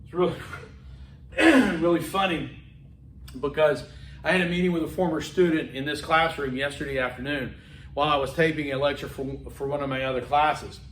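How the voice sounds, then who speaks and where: A middle-aged man giving a college lecture in a classroom, loud and animated, with chatty asides and repetitions. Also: fairly high pitch, normal speed, distant mic, a little hiss or hum. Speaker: college instructor. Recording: echoey room.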